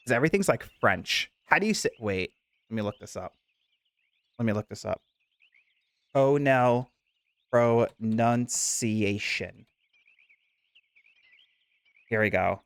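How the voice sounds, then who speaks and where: A male streamer chatting with his viewers while he plays, giggly and lively, his pitch leaping around. His voice sits at an average pitch. The sound is dry and close, with no room around it. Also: slow, pauses often, no room sound. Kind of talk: casual game stream chat.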